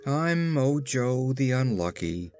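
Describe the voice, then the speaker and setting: A man's voice: medium pitch, sing-song, slow, darkish tone, faint music behind. A man voicing a gloomy, discouraged young boy in a storybook reading, speaking mournfully. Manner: mournful and sad.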